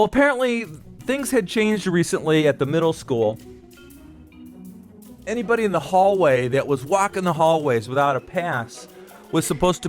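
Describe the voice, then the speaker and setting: A middle-aged man hosting a podcast, telling childhood stories in a relaxed monologue and acting out the quoted voices now and then. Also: on the high side. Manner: nostalgic, acts out quoted voices with some filler words. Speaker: podcast host. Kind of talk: storytelling monologue.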